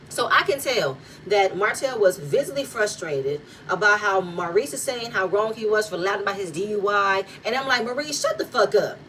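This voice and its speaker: A woman's voice: fairly high pitch, fairly bright tone. A woman, recapping a reality show in blunt, profane, heated commentary. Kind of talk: casual reaction commentary. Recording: distant mic with faint noise.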